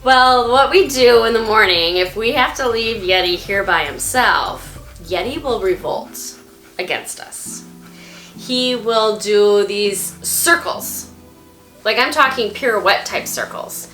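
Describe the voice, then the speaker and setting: A woman hosts a casual home vlog in an upbeat, chatty way. Her voice is bright and lively, rising and falling a lot. It sounds echoey, with faint music underneath. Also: mid-range voice, slow. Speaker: vlog host and dog owner. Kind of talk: casual vlog narration to camera.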